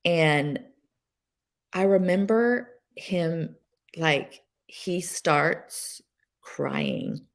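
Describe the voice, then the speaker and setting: A woman guest sharing a personal story on a podcast, emotional and halting, with many fillers and restarts. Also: on the low side, lively intonation, vocal fry. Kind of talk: candid personal testimony.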